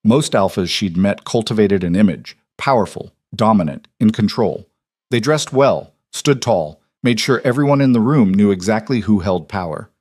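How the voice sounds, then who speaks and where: A man narrating a fantasy story in an even, measured way. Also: lowish voice, no room sound, studio quality.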